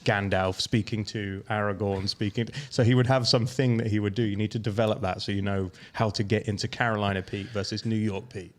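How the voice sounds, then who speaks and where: A man hosting a golf podcast, calmly explaining a course and teasing his co-host. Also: fairly low pitch, brisk, hardly any pauses. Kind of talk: casual chat.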